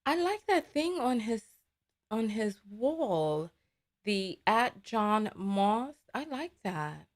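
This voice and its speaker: A woman's voice: mid-range voice, very animated, slow pace. A woman hosting a live reaction stream, reading viewer comments in a blunt, exasperated way and often repeating herself. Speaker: livestream host.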